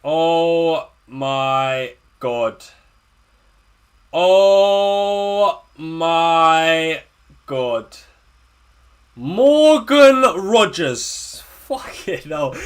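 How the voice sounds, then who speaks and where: A man streams a live watchalong, with a bright, forceful voice that sits a little high. He drops to low grumbles and then bursts into loud, exasperated rants, repeating himself and swearing. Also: lively intonation, slow pace. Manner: swings from low muttering to loud ranting. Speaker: livestream host. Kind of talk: live fantasy football watchalong.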